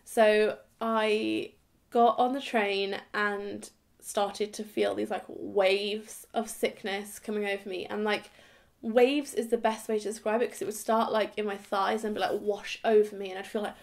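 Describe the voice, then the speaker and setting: A young English woman vlogging, chatting to a camera a few steps away, animated and acting out the voices in her story. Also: mid-range voice, a little slow, creaky.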